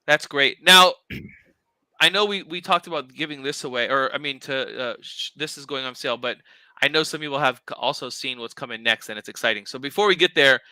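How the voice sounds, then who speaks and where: A young man co-hosting a casual livestream, talking excitedly and rambling with lots of fillers and restarts. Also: mid-range voice, brisk, clean tone, dry recording, poor audio. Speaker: livestream co-host, crystal maker.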